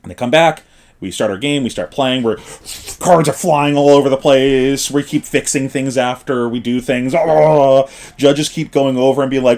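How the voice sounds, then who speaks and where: A man casually telling the story of a card game tournament, animated and full of filler words. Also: mid-range voice, moderate pace. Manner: animated, acts out quotes, lots of fillers like "like" and "uh".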